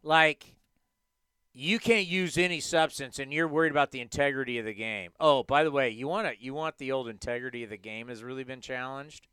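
Male sports radio host, emphatic rants, bright clear voice, dry studio sound. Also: mid-range voice, brisk, no echo. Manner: animated, emphatic ranting.

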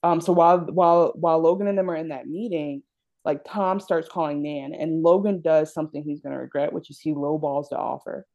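A woman co-hosting a casual TV recap chat, relaxed, thinking aloud with fillers. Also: deep voice, a little fast, highs cut off. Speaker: podcast co-host.

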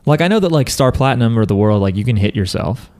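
A man's voice: mid-range voice, lively intonation, fast talker, crowd noise. A young man hosting a casual podcast chat, rambling with lots of fillers and frequent laughs, reading listener emails.

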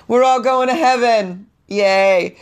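A man putting on a voice for an ecstatic churchgoer at Mass, with hysterical, drawn-out squeals. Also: extremely high pitch, heavy background noise, pitched above the performer's own voice, exaggerated voice.

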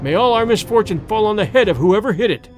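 A man voicing a stern, grief-stricken family head who shouts fierce commands. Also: fairly high pitch, very animated, a little slow, soft background music. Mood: furious.

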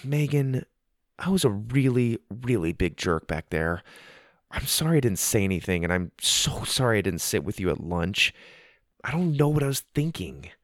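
A man's voice: fairly low pitch, big pitch swings, moderate pace, no room sound, studio quality. A man voicing an earnest young girl who is fed up with mean friends, in a read-aloud story. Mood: apologetic. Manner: earnest, heated outbursts. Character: girl new in town, fed up and sincere.

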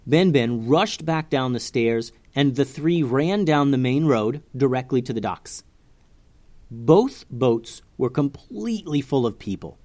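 A man reading a children's adventure story aloud with expressive narration. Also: mid-range voice, measured pace.

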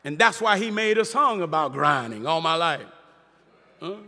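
A man's voice: a little high, lively intonation, moderate pace, pushed and bright, long reverb tail. A man, a Muslim minister, preaching to a live audience in an emphatic way and calling out to the crowd.

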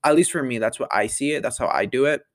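Fast-talking and medium-pitched, a young man hosts a casual solo podcast, wandering from point to point with frequent "like"s and "um"s. It's a dry, studio-quality recording.

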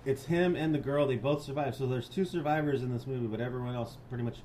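Man, podcast co-host, profane, animated scene recaps, casual chat. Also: medium pitch, fast talker, a little hiss or hum. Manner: animated retelling of scenes, swears freely. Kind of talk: casual movie review chat.

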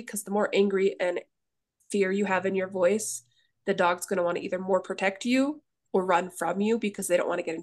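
Gravelly-voiced woman dog trainer. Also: medium pitch. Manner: earnest, acts out dogs and owners in quick asides. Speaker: dog trainer and daycare owner. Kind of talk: casual interview talk.

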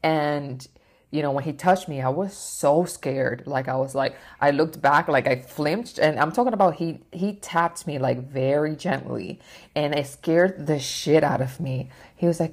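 A woman's voice: low-pitched, moderate pace, a little mellow. A woman vlogger recounting a personal experience in a rambling way, full of fillers and restarts. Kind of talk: personal storytelling.

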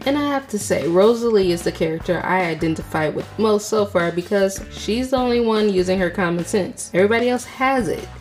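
A woman's voice: on the low side, a little mellow. A woman hosting a podcast, giving a sarcastic, playful solo commentary on a film, full of dramatic asides and rhetorical questions. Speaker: podcast host reviewing a film.

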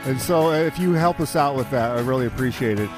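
A man's voice: mid-range voice, fast, over music. A man co-hosting a casual podcast, talking in an easygoing, joking way with folksy comparisons. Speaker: podcast co-host.

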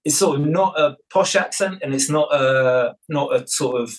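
A film director in casual interview chat, relaxed, with many fillers and restarts. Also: male voice, fairly high pitch, moderate pace, poor audio.

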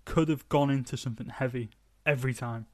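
A young man co-hosting a podcast chats casually about songs, giving strong opinions and laughing easily. His medium-pitched voice is a little mellow, with fairly even intonation and a fairly quick pace. The recording is clean studio sound with no room sound.

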